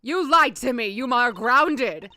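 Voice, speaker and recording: A woman's voice: on the low side, lively intonation, moderate pace, dry recording, soft background music. A woman voicing a strict mother who is a judge, lecturing her son sternly. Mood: furious.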